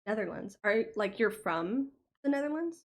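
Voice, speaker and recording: A woman's voice: medium pitch, animated, moderate pace. Chatty American woman, light Southern lilt. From United States. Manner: rambling, chatty, many "like" fillers. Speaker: livestreamer. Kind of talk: casual chat with viewers.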